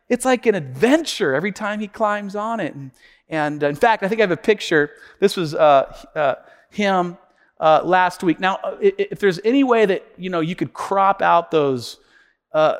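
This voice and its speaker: High-voiced pastor preaching in a reverberant hall. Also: male voice. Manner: storytelling, conversational, says "man" a lot. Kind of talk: sermon. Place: church sanctuary.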